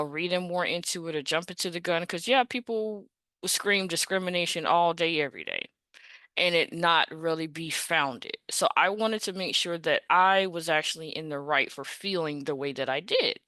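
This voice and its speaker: A woman with a slightly low voice hosts a podcast and recounts a personal story in an easy, chatty way. She slips into the voices of the people she quotes and peppers her talk with "like" and "you know." The sound is close and dry, with no room around it. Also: dry recording. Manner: animated, acts out both sides of conversations; conversational, frequent "like" and "you know". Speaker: podcast host. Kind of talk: casual storytelling.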